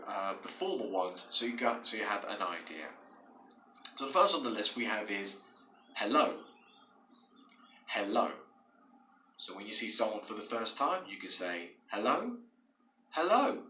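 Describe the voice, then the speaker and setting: Guy teaching english, bright voice, bit far from the mic. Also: fairly low pitch, a little hiss or hum. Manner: patient, repeats words and restarts phrases. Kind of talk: explaining to learners. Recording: echoey room, away from the mic.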